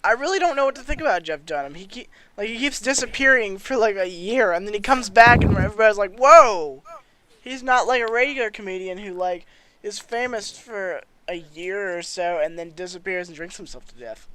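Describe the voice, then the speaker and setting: Bright, high-voiced excitable young man. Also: brisk, a little hiss or hum. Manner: excitable, jokey, self-described crazy squeaky guy. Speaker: podcast co-host. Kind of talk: casual podcast chat.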